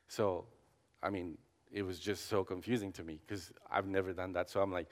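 Speaking at a moderate pace in a low, steady voice, this man is a campus pastor sharing his personal testimony in a conversational sermon. Restarts and fillers are frequent, and he performs the dialogue within his anecdotes, all under a long hall echo.

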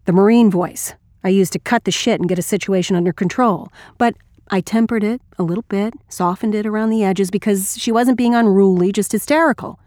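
A woman's voice: medium pitch, a little fast, a little mellow, no echo, studio quality, lightly acted. A woman reading an audiobook as a blunt, wry, crude male ex-Marine narrator.

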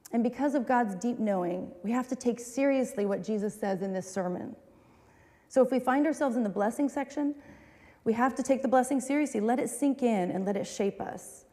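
A woman's voice: medium pitch, creaky, dark tone. A woman pastor preaching a sermon, talking in a candid, conversational way with self-deprecating asides. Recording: long reverb of a large hall.

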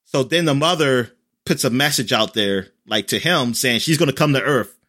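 A man chats casually as he recaps a show, rambling and leaning on fillers. His voice sits at a middling pitch and has a bright, forceful edge, and he jumps up in pitch whenever he acts out a quoted line. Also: moderate pace. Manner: rambling, filler-heavy, animated in quoted lines.

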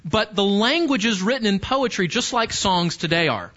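A man's voice: high-pitched, expressive, moderate pace, sharp tone, dull audio. A man preaching a sermon, explaining a scripture passage earnestly and asking his listeners rhetorical questions. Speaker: pastor.

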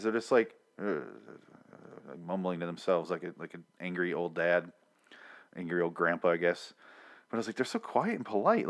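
A man with a somewhat low voice runs through an episode recap in an off-the-cuff, rambling way. He is loose and sarcastic, peppering his talk with profanity and side comments. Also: fairly bright tone. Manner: sarcastic, heavy swearing, rambling asides. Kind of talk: casual profane rant.

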